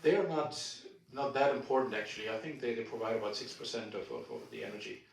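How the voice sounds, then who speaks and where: Older diplomat in audience Q&A, restarts a lot, heard from far off in a very echoey room. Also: male voice, lowish voice, big pitch swings, fast, creaky, slight background noise. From Germany. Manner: conversational, many restarts and repeated words. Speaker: retired ambassador, guest speaker. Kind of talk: Q&A answers at a public talk.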